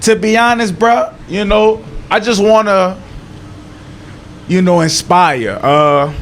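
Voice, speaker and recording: A young man with a New Orleans accent, chatting casually as an interview guest, laid-back and slangy, sometimes dropping to a low earnest tone. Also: slow pace, fairly bright tone, slight background noise. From New Orleans, Louisiana. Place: outdoors in Miami.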